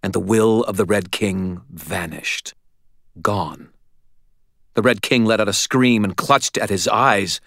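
A man narrating a first-person audiobook in a steady, dramatic way, recorded close on a studio mic. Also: fairly low pitch, slow, no room sound.

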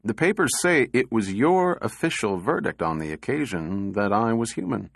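A man voicing a composed male politician who speaks in a calm, measured way. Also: lowish voice, gravelly, no echo, clean studio sound, full character voice.

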